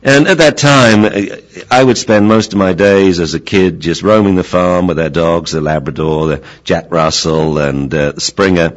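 A very deep-voiced older man gives a relaxed, informal lecture on dog training. He is chatty and often stumbles and repeats his words. Now and then he acts out what a dog or its owner would say. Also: moderate pace, rough recording.

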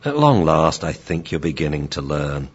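A man's voice: extremely low pitch, very animated, normal speed, husky, dull audio, full character voice. A man doing a wise old dog sensei. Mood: mock-solemn. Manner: mock-solemn, gently teasing.

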